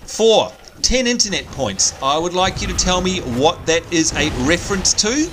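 A man's voice: sits high, expressive, moderate pace, a bit bright, a little hiss or hum. A man hosting a let's play, chatting casually and joking as he plays. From Australia. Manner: chatty, jokey, thinks aloud. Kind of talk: casual gameplay commentary.

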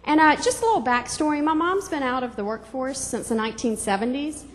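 A woman's voice: high-pitched, expressive, a little fast, big-room sound. A woman from Georgia doing stand-up comedy on a club stage, bubbly and giggly, chatty with the crowd.

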